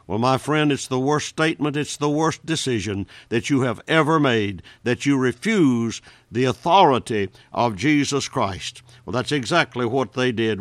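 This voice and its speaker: A man delivering an earnest Bible sermon, addressing each listener directly. His voice sits at an ordinary middle pitch and is recorded close and dry, with no room sound. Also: expressive, a little slow, hardly any pauses, a bit bright, dry recording. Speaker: preacher. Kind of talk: radio-style Bible exposition sermon.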